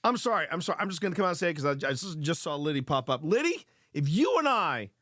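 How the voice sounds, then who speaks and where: A man hosting a live show, reacting to clips in excitable, rambling commentary full of repeated words and swearing. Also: fairly high pitch, fast talker, dry recording, studio quality.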